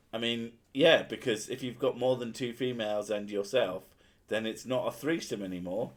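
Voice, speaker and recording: A man streaming, chatting casually with a profane, joking manner and frequent laughter. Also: medium pitch. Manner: profane, jokey, laughs often. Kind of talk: crude casual chat.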